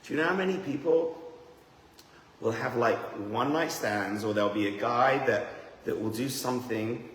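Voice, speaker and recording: A man giving a lively, joking seminar talk as a rabbi, teasing himself and the audience. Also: mid-range voice, normal speed. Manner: animated, joking, self-deprecating. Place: room with a live audience. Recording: echoey hall, faint noise.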